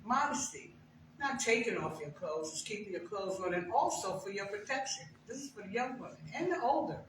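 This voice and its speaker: A woman's voice: mid-range voice, expressive, a little fast, a little hiss or hum. An older woman giving a conversational personal testimony as a guest speaker, telling stories with emphasis. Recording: very echoey room, far from mic.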